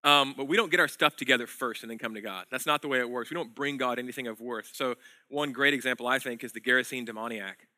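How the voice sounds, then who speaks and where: A man preaching a sermon as pastor, telling a story in a conversational way and swinging between loud emphasis and hushed lines. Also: mid-range voice, fast talker, no room sound.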